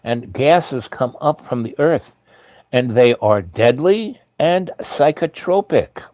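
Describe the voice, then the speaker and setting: A man's voice: medium pitch, animated, takes it slowly, a little mellow, no echo. A man voicing a local man who warns visitors in an incredulous, cautioning way. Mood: warning.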